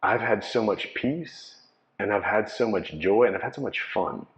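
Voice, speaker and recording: A man's voice: lowish voice, expressive, normal speed. A man, giving a personal testimony to a live audience in a conversational storytelling way and acting out the dialogue. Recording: dull lo-fi recording.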